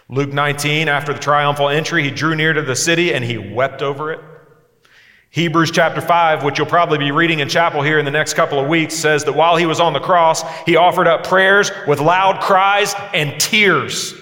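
A man in his forties preaching a sermon, impassioned, moving between hushed lines and emphatic ones. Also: fairly high pitch, moderate pace. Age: 40s. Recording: echoey hall sound.

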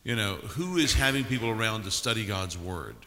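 A man's voice: on the low side, expressive, brisk, sharp tone. A man who is a church leader, speaking earnestly in a panel discussion and posing rhetorical questions. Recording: long hall reverb.

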